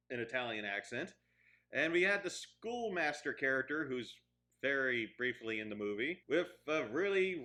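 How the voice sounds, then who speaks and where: A man reviewing a movie in an exasperated, ranting commentary, stumbling over restarts and building to loud outbursts. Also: high voice.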